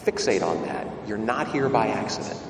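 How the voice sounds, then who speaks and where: A man's voice: lowish voice, lively intonation, moderate pace, noisy background. A male priest preaching a conversational homily in a church, asking rhetorical questions and stumbling over repeated words. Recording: echoey church, far from mic.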